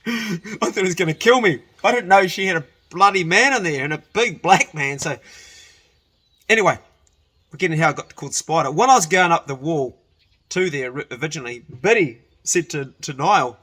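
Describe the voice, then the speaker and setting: A man's voice: a little high, normal speed, sharp tone, husky. A man telling a rambling personal story in a casual way, often correcting himself and laughing as he goes.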